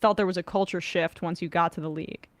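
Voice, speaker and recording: A woman's voice: on the low side, fairly even intonation, fast, dry recording. A woman hosting a sports podcast, asking questions in a casual, rambling way and searching for her words. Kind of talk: casual interview chat.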